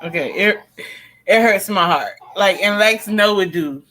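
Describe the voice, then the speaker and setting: A woman's voice: medium pitch, a little slow, a bit bright, slight background noise, rough recording. A woman hosting a casual live stream, talking straight to her viewers and to her pet. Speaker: tarot reader and live stream host. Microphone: computer or phone mic during a live stream.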